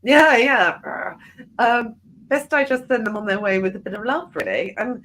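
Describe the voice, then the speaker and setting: A woman hosts a conversational interview, her pitch jumping about lively as she acts out little stories. She talks chatty and warm-hearted, and a faint hiss of noise sits under the recording. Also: moderate pace. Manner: chatty, animated storyteller. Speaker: podcast host.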